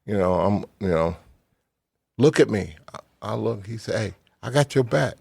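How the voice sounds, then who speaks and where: A middle-aged man, a former football player, tells an earnest story in plain words as a guest on a talk show, pausing often with "um.". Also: fairly low pitch, expressive, gravelly, darkish tone, breathy edge, no room sound, clean studio sound. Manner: earnest, plain-spoken, pauses with "um". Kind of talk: storytelling in a casual chat.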